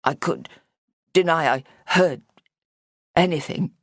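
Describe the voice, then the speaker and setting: A frightened elderly father with a small, breathy voice, as a woman reading an audiobook puts him on. He speaks low and dry, close to the microphone, with no room around him. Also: takes it slowly, dry recording.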